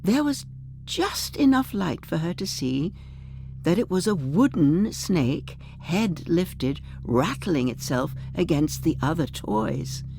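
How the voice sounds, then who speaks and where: A woman reading a short story aloud in a measured, expressive storytelling manner. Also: fairly low pitch, creaky, slight background noise. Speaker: audiobook narrator.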